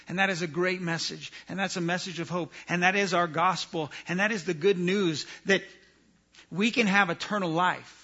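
A man preaching a sermon, earnest and emphatic, his voice rising for stress and dropping low and quiet for weight. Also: steady tone, normal speed. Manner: earnest, emphatic preaching that rises and drops in volume. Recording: dull lo-fi sound.

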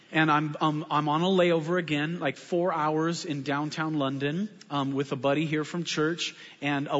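High-voiced pastor in an echoing hall. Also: male voice. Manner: animated, self-mocking humor. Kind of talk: storytelling sermon. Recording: muffled sound with long hall reverb.

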